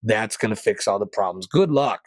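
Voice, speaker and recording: A man hosting a podcast, ranting sarcastically in a casual monologue and jumping to loud, high peaks. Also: lively intonation, moderate pace, no echo. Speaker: podcast host.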